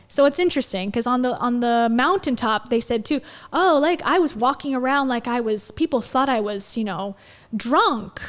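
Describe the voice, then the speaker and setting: A woman's voice: on the high side, lively intonation, normal speed. A woman hosting a livestream, chatting casually and skeptically as she comments on event clips and greets viewers. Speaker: livestream host reviewing an event.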